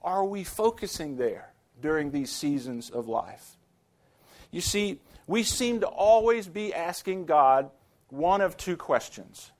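Emphatic preacher man, slightly high voice. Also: expressive, moderate pace. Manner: storytelling, rising to emphatic exclamations. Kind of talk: sermon.

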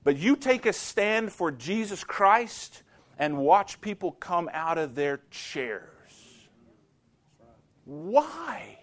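A man preaching a sermon with a fairly high voice. He talks slowly and deliberately, with dramatic swings between loud declarations and near-hushed lines. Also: expressive. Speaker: pastor.

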